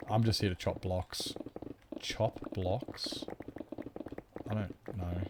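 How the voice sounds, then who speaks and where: Male streamer, lowish voice, rambling casual chat, faint keyboard clicks in the background. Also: steady tone, slow, long pauses, noisy background. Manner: rambling, reads chat aloud, mock-grand asides.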